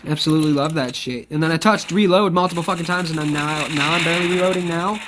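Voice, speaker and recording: A man's voice: fairly high pitch, fast talker, background noise. A young man giving live gameplay commentary, ranting angrily and cursing at the game. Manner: angry profane ranting. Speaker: gamer.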